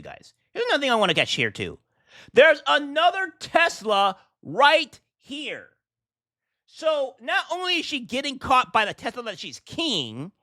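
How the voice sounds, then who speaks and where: A man's voice: extremely high pitch, sharp tone, no room sound, clean studio sound. A man hosting a reaction commentary vlog, talking in an indignant, ranting way with rhetorical questions. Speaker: political commentary host.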